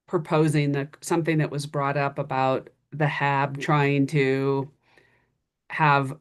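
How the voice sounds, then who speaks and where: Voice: mid-range voice, smooth. A board member on a meeting video call, tentatively summing up what others said. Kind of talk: meeting discussion.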